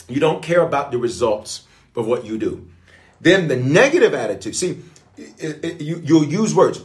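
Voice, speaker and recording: A man preaching as a pastor, in a lively call-and-response sermon style. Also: on the high side. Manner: call-and-response, animated, playful.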